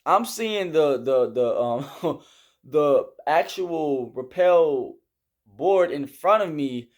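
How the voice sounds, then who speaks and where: A man's voice: fairly high pitch, lively intonation, drawn-out words. A young man casually telling a story about army basic training, rambling and leaning heavily on fillers while he gestures through the steps. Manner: explains with hand gestures.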